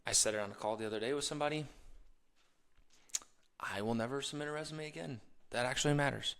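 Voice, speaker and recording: A young man hosting a podcast, giving a casual motivational monologue, animated and ranting, mimicking other people in quick quoted asides. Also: medium pitch, clean tone. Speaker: podcast host.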